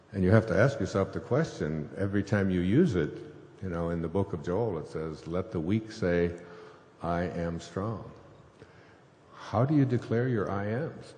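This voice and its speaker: Deep-voiced man telling stories in an echoey hall. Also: a little mellow. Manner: rambling, many fillers, chuckles. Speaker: spiritual author. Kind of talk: conversational storytelling to an audience. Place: stage before a live audience. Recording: echoey hall, faint noise.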